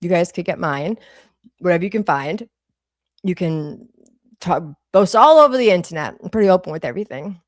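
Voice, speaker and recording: A woman's voice: lowish voice, expressive, a little fast, dry recording, clean studio sound. Sarcastic Boston woman streamer. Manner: blunt, sarcastic, swears freely. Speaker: livestream host. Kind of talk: casual commentary livestream.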